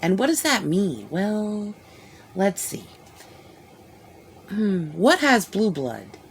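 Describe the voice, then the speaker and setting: Slow, lilting woman musing aloud. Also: medium pitch, sing-song, creaky, slight background noise. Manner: musing aloud with rhetorical questions and soft giggles. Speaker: live video reactor. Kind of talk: rambling live reaction commentary.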